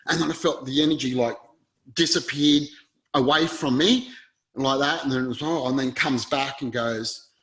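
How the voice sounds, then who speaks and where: Man, interview guest, earnest rambling storyteller, mid-pitched voice. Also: normal speed, fairly bright tone, poor audio. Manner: earnest, rambling, acts out quoted dialogue.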